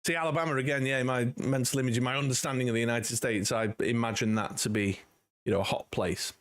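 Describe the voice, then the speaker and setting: A man's voice: medium pitch, steady tone, fast talker, a bit bright. Chatty man in his forties. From United Kingdom. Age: 40s. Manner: rambling and friendly, many "you know"s. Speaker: livestream host. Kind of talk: casual livestream chat with viewers. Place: home.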